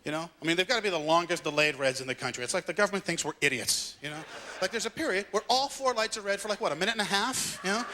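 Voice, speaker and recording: Ranting stand-up comedian. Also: male voice, high-pitched, lively intonation, rapid-fire, sharp tone, a little hiss or hum. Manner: ranting, impatient, acts out exasperated characters. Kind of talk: stand-up set. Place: comedy club stage before a live audience. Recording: live stage recording with crowd laughter.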